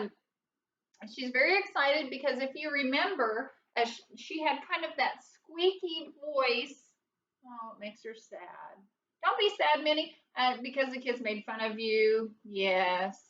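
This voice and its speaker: A woman with a high voice who teaches first grade, speaking slowly and gently to young children. The sound is dull and roomy, caught from a distance with faint room noise behind. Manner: slow, gentle, coaxing, talks to a puppet. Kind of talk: recorded lesson for young children.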